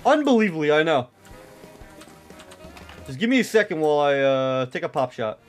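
A young man with a high, very lively voice that leaps up and down as he comments on his own live gameplay. He rambles, swears freely and leans on filler words, and faint music plays underneath him. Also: normal speed. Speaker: streamer.

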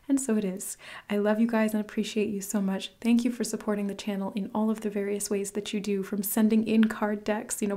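A woman's voice: medium pitch, dark tone. A woman hosting her own channel, giving an earnest, gushing tarot reading to camera and dropping to a whisper for emphasis. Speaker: tarot reader, channel host. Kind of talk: casual spiritual reading to camera.

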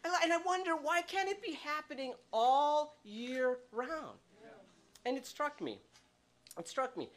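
A man preaching a sermon in a church, animated and often laughing as he tells stories and mimics the people in them. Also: high voice. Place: church sanctuary.

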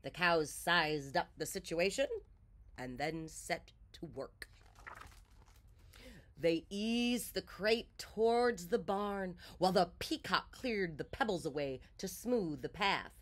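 A woman reading a children's picture book aloud, with expressive storytelling. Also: on the low side, slow pace.

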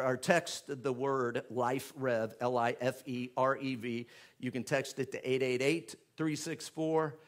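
A man, a pastor making church announcements in a chatty, joking way before rising into loud, fervent prayer. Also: medium pitch. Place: church sanctuary with live congregation.

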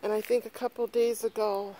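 A woman's voice: a little high, little pitch movement, fairly quick, dark tone. A middle-aged woman vlogging outdoors on her phone, breathless and gushing, swearing freely as she talks. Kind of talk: excited casual vlog. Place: outdoors in a yard. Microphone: handheld phone camera.

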